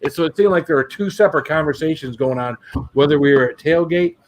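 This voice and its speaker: A man's voice: fairly high pitch, quick pace. Rambling middle-aged American man. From northern US. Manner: rambling, repeats words while searching for them. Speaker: channel host. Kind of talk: casual chat.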